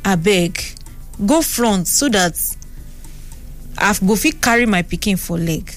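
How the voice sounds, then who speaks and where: A Nigerian woman voicing a calm young mother gently begging for a seat. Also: medium pitch, slow pace, faint music behind. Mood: pleading.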